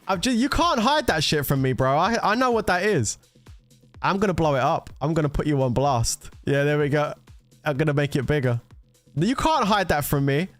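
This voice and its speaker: A man hosting a casual gaming livestream, bantering and teasing his viewers with some swearing. His voice sits on the higher side for a man and swings lively up and down. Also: dry recording. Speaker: gaming streamer.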